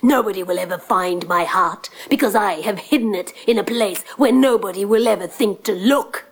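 A woman's voice: medium pitch, moderate pace, natural voice. A woman doing a blustering villainous giant. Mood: indignant. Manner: indignant, exclaiming, shouting back. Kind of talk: storybook voice acting. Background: guitar music.

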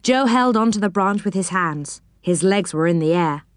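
Expressive woman reading a children's story. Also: normal speed, dry recording, clean studio sound. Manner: expressive, dropping low for speech tags.

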